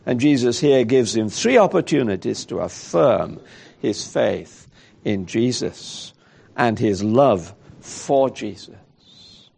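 A man's voice: mid-range voice, expressive, takes it slowly, vocal fry, a little mellow, husky. A man preaching a sermon in a reflective way, thinking aloud and asking rhetorical questions.

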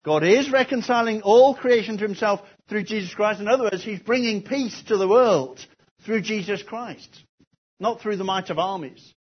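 A man's voice: high voice, normal speed, breathy edge. A man preaching an expository sermon, posing rhetorical questions and repeating key phrases. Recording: dull lo-fi recording.

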